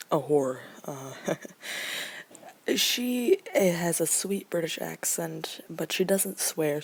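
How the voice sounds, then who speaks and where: Low gravelly-voiced woman, rambling casually. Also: darkish tone. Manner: rambling, many fillers, often drops to a near-whisper. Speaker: casting call organizer. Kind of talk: casual explanation to voice actors.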